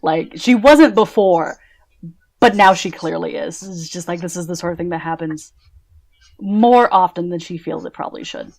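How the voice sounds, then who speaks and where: A woman's voice: lowish voice, moderate pace, creaky, a little mellow. A woman running a tabletop game as game master, narrating scenes in a casual, descriptive way with many fillers.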